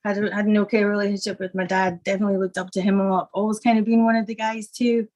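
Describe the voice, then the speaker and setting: This Scottish woman, whose accent has drifted partly American, talks fast in a mid-range voice. She's a guest, stoned, chatting in a relaxed, rambling way packed with fillers.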